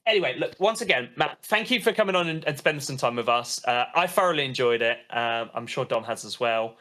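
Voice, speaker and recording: A man's voice: mid-range voice, expressive, brisk, bright, forceful tone. A man hosting a podcast over a video call, enthusiastic and rambling, often restarting sentences. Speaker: podcast host.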